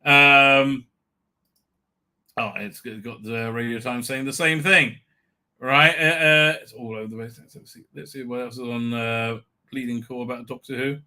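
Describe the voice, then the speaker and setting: With a steady, measured pace and a medium-pitched, sharp-toned voice, a man hosts a live stream. He swears a lot and delivers crude, mocking, sarcastic commentary, now and then jeering in put-on voices.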